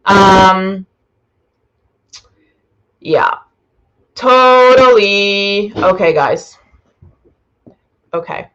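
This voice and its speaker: A woman's voice: medium pitch, animated, very slow, long pauses, fairly bright tone, muffled recording. A woman business coach talking bluntly to a live audience, swearing freely and rambling. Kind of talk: live-streamed masterclass.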